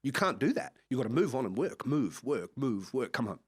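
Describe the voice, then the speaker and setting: A man with an Australian accent, a music manager telling lively anecdotes in a casual interview. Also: medium pitch, brisk, slightly rough. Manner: animated anecdotes with frequent laughs and acted-out quotes. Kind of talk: casual storytelling chat.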